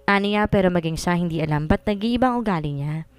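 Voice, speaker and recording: Woman, story narrator, Tagalog and English mixed, clear voice, dry close sound. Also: lowish voice, quick pace, no echo.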